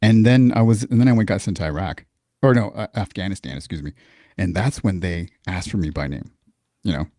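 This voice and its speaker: In a deep, slightly fast voice, a middle-aged veteran from Texas speaks as a podcast guest, recorded clean in a studio with no room sound. His storytelling in the casual interview is candid, animated and profane, with frequent restarts.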